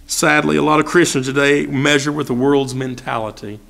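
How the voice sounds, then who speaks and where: A man's voice: medium pitch, steady tone, brisk, gravelly, fairly bright tone. A man preaching a sermon as pastor, asking repeated rhetorical questions and acting out the voices of people he quotes. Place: church sanctuary.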